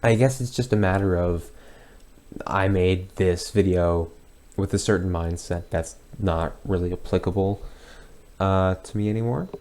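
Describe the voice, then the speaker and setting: With a low voice and a darkish tone, a young adult man rambles hesitantly while reacting casually to an old video of his, pausing and restarting often.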